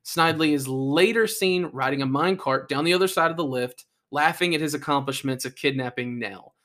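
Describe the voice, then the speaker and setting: Higher-voiced man reading, then joking. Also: fairly quick, a bit bright. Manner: reads ride facts then jokes and asides. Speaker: podcast co-host. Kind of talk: casual chat.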